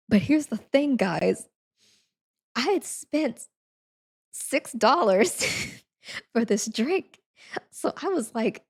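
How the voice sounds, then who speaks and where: Woman streamer, casual anecdote, giggles a lot, slightly high voice. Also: very animated, very slow, pauses often, husky. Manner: laughs often, self-deprecating. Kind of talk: casual storytelling.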